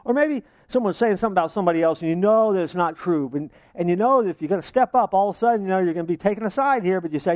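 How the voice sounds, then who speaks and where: Brief: male preacher, fairly high voice, dry close recording, acts out imagined congregants. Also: expressive, rapid-fire, hardly any pauses, a little mellow, no echo. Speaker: pastor. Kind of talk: sermon.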